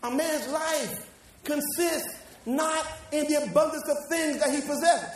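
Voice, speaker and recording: A pastor preaching a sermon, building to shouts and calling the congregation to read along. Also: male voice, extremely high pitch, measured pace. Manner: preaching with rising shouts and call-and-response. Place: church. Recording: echoey church hall from far off.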